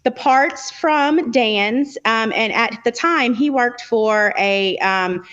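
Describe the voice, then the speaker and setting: A woman's voice: a little high, slow, a bit bright, clean tone, muffled recording. A woman guest telling a long story in casual chat, with frequent ums and likes. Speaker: podcast guest.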